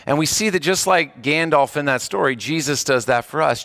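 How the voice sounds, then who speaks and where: Bright, forceful man preaching a story. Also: a little high, moderate pace, gravelly. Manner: animated, earnest, repeats words for emphasis. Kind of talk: sermon with storytelling.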